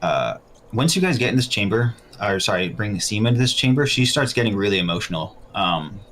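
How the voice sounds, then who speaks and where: Deep-voiced man running a tabletop game. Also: sing-song, brisk, a bit bright, slight background noise. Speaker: game master.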